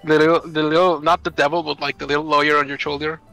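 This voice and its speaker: A young man with a bright, slightly high voice chats casually as a co-host. He rambles, restarting his sentences, and plays up the drama for fun. Faint music sits behind him. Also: little pitch movement, fast talker, gravelly, low-quality recording. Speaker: co-host boyfriend. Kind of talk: casual gaming chat.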